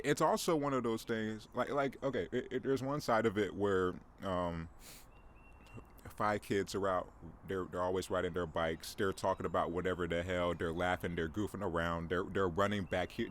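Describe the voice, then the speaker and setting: Rambling low-voiced young man. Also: fairly bright tone, slight background noise. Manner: rambling, self-deprecating, joking, many restarts and "bro". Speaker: podcast host. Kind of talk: solo morning podcast monologue. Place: at home, in view of his backyard.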